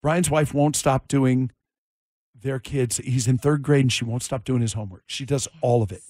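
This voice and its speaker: A man hosting a morning radio talk show, animated and jokey, quick to laugh. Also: mid-range voice, dry recording, studio quality.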